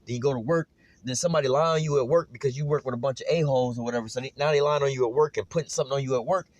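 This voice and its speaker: Fast-talking, profane street preacher man. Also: no echo, lo-fi sound. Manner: fervent, profane, slangy, repeats "man" and "you know what I'm saying"; rises to loud, high-pitched shouting when fired up. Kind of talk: street sermon.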